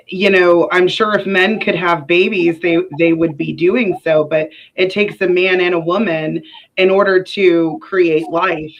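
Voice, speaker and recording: A woman on a discussion panel, explaining her view firmly and calmly. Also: on the low side, muffled recording. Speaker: panel guest. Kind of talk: casual panel debate.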